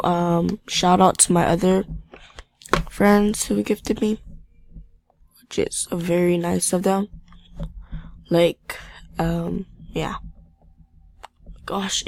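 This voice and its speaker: Lady doing game commentary, kinda low and crackly, drags her words out, flustered and stammery, moans about lag. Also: slow, vocal fry, pauses often. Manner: excitable, stammering, easily flustered. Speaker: game video creator. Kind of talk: casual gameplay commentary.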